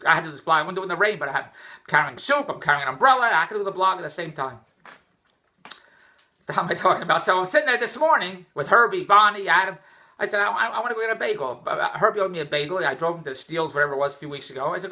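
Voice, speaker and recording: Middle-aged male vlogger, rambling exasperated storyteller, fast delivery, bright edge. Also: high-pitched. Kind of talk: rambling personal vlog rant. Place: indoors, just came in from the rain.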